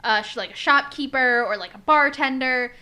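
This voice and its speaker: A woman co-host with a bright, slightly high voice tells the story of an episode in casual chat. She is animated and swears freely. Her voice has a forceful brightness. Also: moderate pace, clear, resonant tone. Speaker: podcast co-host.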